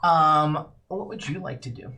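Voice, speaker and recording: A woman narrating as game master of a tabletop game, often halting on fillers and restarts. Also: deep voice, sharp tone.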